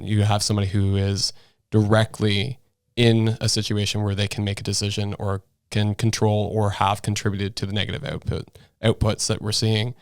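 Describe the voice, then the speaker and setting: A man's voice: fairly low pitch, dry recording, studio quality. A man from New Brunswick co-hosting a casual political podcast, chatty and rambling, often laughing. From New Brunswick, Canada. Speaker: podcast co-host.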